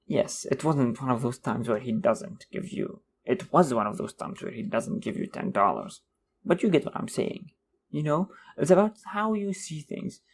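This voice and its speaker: A man's voice: mid-range voice, lively intonation, moderate pace, vocal fry, slight background noise. A young man hosting a podcast, rambling through a sarcastic casual rant and slipping into mocking voices. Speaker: podcast host. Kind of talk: casual monologue.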